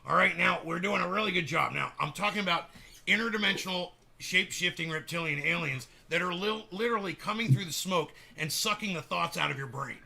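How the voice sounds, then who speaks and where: A man doing an impression of a blustering male conspiracy talk-show host who booms through supplement sales pitches. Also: fairly quick, gravelly, pushed and bright, exaggerated voice. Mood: blustery. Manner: booming sales-pitch bravado.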